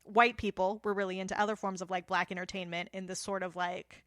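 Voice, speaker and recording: A woman, co-hosting a podcast, talking about films in a relaxed, rambling way. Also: mid-range voice, a little fast, dry recording, clean studio sound. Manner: relaxed, rambling, laughs and agrees often. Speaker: podcast co-host. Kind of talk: casual film discussion.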